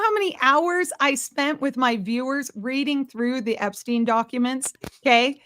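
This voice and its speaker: High-voiced woman co-host, emphatic. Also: measured pace, hardly any pauses, fairly bright tone. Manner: emphatic, heated, sarcastic. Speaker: co-host and fellow content creator. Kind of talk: casual live commentary chat.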